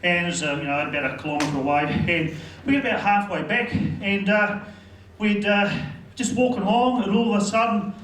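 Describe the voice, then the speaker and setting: A man's voice: high voice, steady tone, fairly quick, a bit bright, roomy sound, recorded from a distance, slight background noise, rough recording. A man with a New Zealand accent doing rambling stand-up storytelling at a comedy club. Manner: rambling, lots of fillers and asides.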